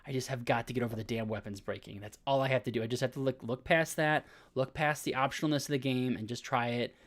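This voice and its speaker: Man, thirties, podcast co-host, casual rambling chat, everyday mid pitch, filler-heavy storytelling. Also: steady tone, fast.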